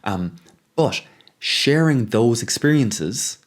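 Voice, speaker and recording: A man hosting a reflective monologue, thinking aloud with frequent pauses and restarts, growing urgent as he goes. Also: medium pitch, lively intonation. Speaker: podcast host.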